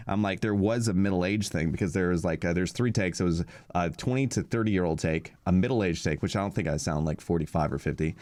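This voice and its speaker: A young man with a low voice tells a long, rambling story on a podcast, acting out the quotes in it. The sound is dry and close. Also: brisk, hardly any pauses, dry recording. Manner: rambling and animated, many fillers and acted-out quotes. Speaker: podcast co-host. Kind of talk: casual storytelling chat.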